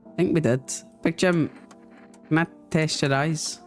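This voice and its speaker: A man streaming a video game, playful and quick to swear and exclaim. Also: a little high, steady tone, soft background music. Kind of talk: gameplay commentary.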